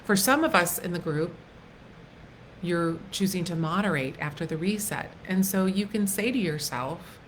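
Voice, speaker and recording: A middle-aged woman coach speaking casually on a live stream, earnest and gentle, with soft pauses and restarts. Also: on the low side, slight background noise, rough recording. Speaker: wellness coach hosting a live workshop.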